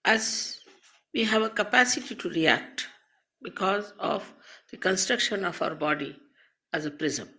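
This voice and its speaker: A woman spiritual teacher giving a slow, measured talk to an audience, speaking into a mic in a hall. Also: mid-range voice, expressive, bright, forceful tone.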